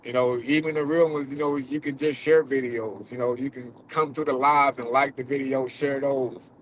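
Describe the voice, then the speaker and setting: Holding back tears as he drives, a vlogger known for catching predators talks casually to his viewers, swearing and filling gaps with filler words. His medium-pitched voice is fairly even at a normal pace, and the rough recording has slight background noise.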